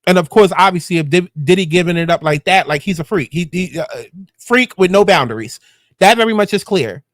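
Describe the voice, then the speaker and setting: A man's voice: high-pitched, lively intonation, a little fast, no room sound, studio quality. A man hosting a celebrity gossip commentary show, talking bluntly and heatedly with plenty of profanity. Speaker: host.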